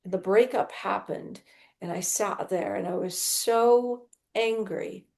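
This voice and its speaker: A woman's voice: medium pitch, slow pace, gravelly, darkish tone. A woman speaks in conversational podcast talk and tells her story expressively. She acts out past conversations as she goes. Her voice sits in a middle register.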